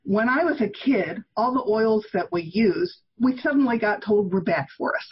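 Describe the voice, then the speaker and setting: A woman's voice: medium pitch, expressive, normal speed, lo-fi sound, a little hiss or hum. A woman in her sixties, a guest on an interview podcast, explaining health views in an emphatic, opinionated way. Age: 60s. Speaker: guest, toxin elimination author.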